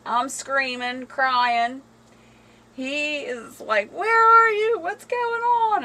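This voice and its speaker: Hosting a livestream from inside her home, a woman chats casually, laughs and reads out viewer comments. Her fairly high voice is gravelly and bright with a forceful edge, and the phone camera's recording sounds rough.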